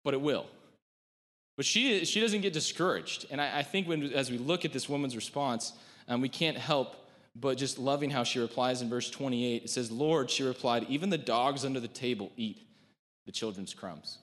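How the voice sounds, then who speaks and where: A man giving a sermon in a relaxed, conversational way, with joking asides and quotes he acts out. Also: mid-range voice, normal speed, long reverb tail. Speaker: preacher.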